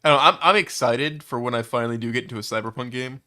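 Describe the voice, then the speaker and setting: A young man with a bright, forward voice chats casually about tabletop games. He jokes, pokes fun at himself and keeps things laid-back. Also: medium pitch, racing. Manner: laid-back, joking, self-deprecating. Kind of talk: casual chat.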